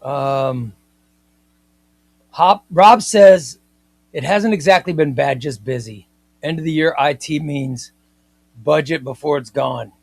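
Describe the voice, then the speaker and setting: Male live-stream host, chatty and playful, slightly higher voice, dry close sound. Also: slow, creaky, pauses often, dry recording. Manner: playful, mock-indignant, chatty and excitable. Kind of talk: casual live-stream chat reading viewer comments.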